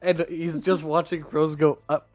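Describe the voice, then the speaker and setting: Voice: mid-range voice, flat delivery, measured pace, darkish tone, faint music behind. A player in a tabletop game, giggly and hesitant. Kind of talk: casual tabletop play.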